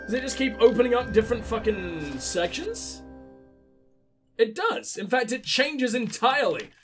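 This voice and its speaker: A man's voice: very high voice, sing-song, normal speed, fairly bright tone, faint music behind. A sick man hosting a game let's play, joking crudely and swearing a lot. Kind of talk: gameplay commentary.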